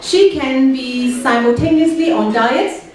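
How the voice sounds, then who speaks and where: A high-voiced stand-up comedian from Hong Kong performs a set on a comedy club stage, delivering dry punchlines interrupted by frequent fillers and hesitations. She is animated but unhurried. The distant stage mic makes the recording very echoey and noisy.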